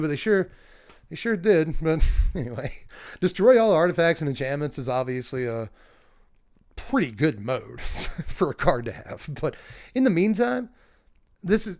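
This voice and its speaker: A man's voice: fairly high pitch, clear, resonant tone. A young man casually reviewing trading cards, chatty and laughing often, with lots of filler words and asides. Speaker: card game video host. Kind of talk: casual card review commentary.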